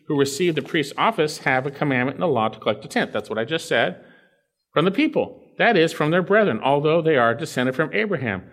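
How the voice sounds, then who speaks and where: A man preaching an expository sermon, explaining scripture verse by verse and dropping suddenly to a quiet voice. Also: medium pitch. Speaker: pastor.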